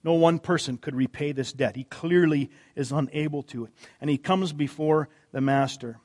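Conversational preacher, rising and hushing. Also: male voice, on the high side. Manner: conversational preacher, rhetorical questions, drops to quiet emphasis. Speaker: pastor. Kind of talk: sermon.

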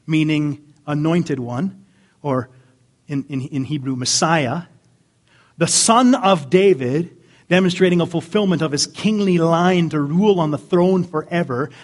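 A man preaching a sermon as pastor, animated, swinging from near-yelling down to quiet asides. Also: a little high. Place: church sanctuary.

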